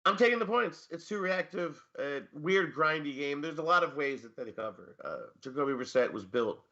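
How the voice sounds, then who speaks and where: Brief: male fantasy football co-host, rambling and wry, bright slightly raised voice, lo-fi sound. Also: fairly high pitch, lively intonation, moderate pace. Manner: rambling, hedging with many fillers, dry jokes. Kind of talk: casual sports podcast chat.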